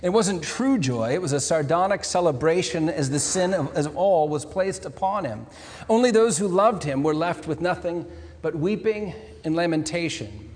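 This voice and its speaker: A man preaching a sermon in a church, his somewhat high voice carrying a long reverb from the hall. He talks in an earnest, explanatory way and works scripture quotes into the sermon. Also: lively intonation, normal speed, darkish tone. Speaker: pastor.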